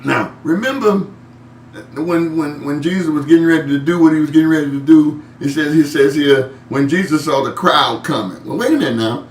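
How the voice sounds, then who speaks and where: Chuckling Bible study teacher, echoey and distant. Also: male voice, a little high, a little fast. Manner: chuckles often and repeats words while searching for the point; reads scripture aloud and then comments on it. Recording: echoey room, mic at a distance, faint hum.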